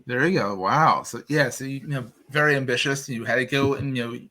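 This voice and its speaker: A male interview host with a bright, forward tone keeps up an eager, chatty flow. His pitch sits in a normal middle range. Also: a little fast. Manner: enthusiastic, frequent short affirmations. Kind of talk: casual interview conversation.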